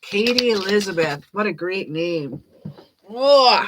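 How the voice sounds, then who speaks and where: A woman's voice: medium pitch, lively intonation, slow, fairly bright tone, slight background noise, poor audio. Chatty woman reading tarot live. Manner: chatty, repetitive, laughs often. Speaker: tarot reader.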